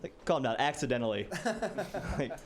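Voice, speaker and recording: A man in his late twenties performs a casual, self-deprecating stand-up set on stage before a live audience, dropping "like" all through it. His mid-range voice has lively intonation and moves at a normal speed, with crowd noise audible.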